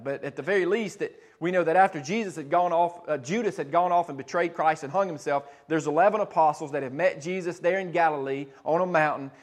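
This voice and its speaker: A man preaching a sermon as pastor, earnest and repetitive, restarting phrases as he teaches. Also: fairly high pitch.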